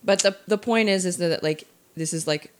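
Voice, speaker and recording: A woman's voice: fairly low pitch, moderate pace. A woman co-hosting a casual book chat, reflecting on the characters and often restarting her sentences. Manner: thinks aloud with frequent restarts and fillers. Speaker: podcast co-host.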